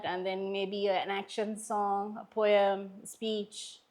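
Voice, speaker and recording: A middle-aged woman from Sri Lanka, a teacher chatting as a guest in an interview, animated and patient in her explanations. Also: mid-range voice, measured pace, few pauses. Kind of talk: casual conversational interview.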